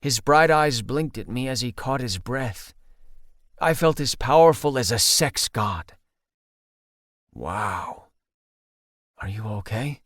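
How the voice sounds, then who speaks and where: A man narrating an audiobook in the first person, steady and intimate. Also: mid-range voice, a little slow, no room sound, clean studio sound.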